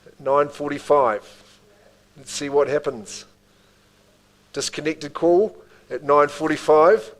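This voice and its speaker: A man's voice: fairly high pitch, rough recording. A man with a New Zealand accent calling bids at a live property auction, with rhythmic bid calls and chatty asides to the room.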